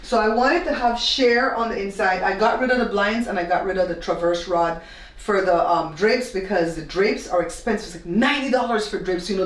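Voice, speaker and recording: In a mid-range voice at normal speed, a woman from Belize hosts a casual vlog touring a newly renovated indoor room, explaining each step to her viewers. The camera is held some distance away by her husband, and the bare space gives an echoey sound.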